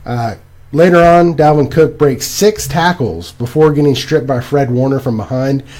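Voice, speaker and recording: A man's voice: mid-range voice, normal speed, darkish tone. Young guy rambling on a podcast, gets worked up, laughs at himself. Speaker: podcast co-host. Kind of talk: casual fantasy football chat.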